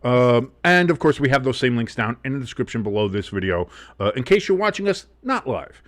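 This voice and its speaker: Male host, casual live sports chat, rambling and profane, pitch all over the place. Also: very animated, a little fast, a bit bright, no echo.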